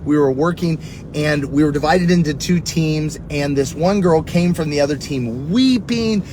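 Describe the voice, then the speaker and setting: A middle-aged man teaching earnestly on prayer, preaching in a conversational way and telling personal stories. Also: normal speed. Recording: steady rumbling background noise.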